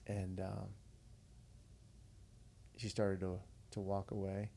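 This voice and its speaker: Man, low gravelly voice, mellow tone, earnest, conversational storytelling. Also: monotone, slow pace, a little hiss or hum. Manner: earnest, conversational, retells dialogue. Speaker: podcast guest, veteran. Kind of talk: casual storytelling.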